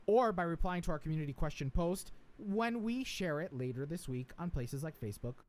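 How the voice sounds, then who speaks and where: A man's voice: on the high side, lively intonation, fairly quick, a little mellow. A man hosting a live podcast in casual banter, joking and swearing freely, from New Jersey. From West New York, New Jersey. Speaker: podcast host.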